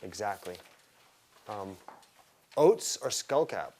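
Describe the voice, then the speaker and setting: A man's voice: lowish voice, sing-song, slow pace, mellow, a little hiss or hum. A man teaching a live herbalism class, talking casually and with enthusiasm, and quizzing his students.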